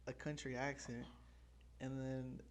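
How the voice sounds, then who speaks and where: A man's voice: medium pitch, flat delivery, unhurried. A young man co-hosting a casual podcast chat, joking, swearing freely and laughing often. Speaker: podcast co-host.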